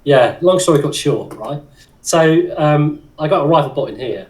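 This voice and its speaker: A man in his fifties tells rambling stories in an easygoing, casual chat. His voice sits fairly high for a man, and he often breaks into laughter while he talks. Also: lively intonation, normal speed, darkish tone.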